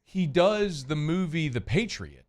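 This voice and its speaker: A man hosting a sports radio show in casual chat, animated and laughing, his voice climbing high when he gets worked up. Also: unhurried.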